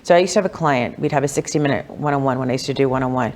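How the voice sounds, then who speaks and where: A woman, a wealth coach, telling personal stories in a casual podcast interview, animated and chatty, with lots of "like" and "you know.". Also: very fast, slight background noise. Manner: animated, acts out quoted voices with big pitch jumps.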